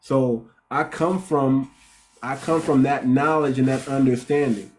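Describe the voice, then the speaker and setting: A man's voice: medium pitch, fairly even intonation, measured pace, darkish tone, a little hiss or hum. Blunt, direct man hosting a livestream. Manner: direct, repetitive, restarts sentences. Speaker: relationship coach and livestream host. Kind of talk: casual livestream talk.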